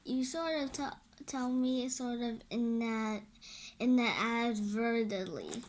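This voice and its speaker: A woman voicing a calm, oddly wise small boy in a read-aloud of a graphic novel, matter-of-fact with small restarts. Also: fairly high pitch, slow pace, slight background noise.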